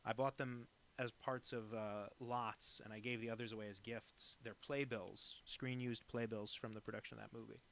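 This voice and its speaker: A man's voice: lowish voice, steady tone, normal speed, gravelly, few pauses, a bit bright, a little hiss or hum. Rambling man chatting while he draws. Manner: rambling and digressive, with many fillers; self-deprecating. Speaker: cartoonist drawing viewer requests on a live stream. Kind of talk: casual live-stream chat.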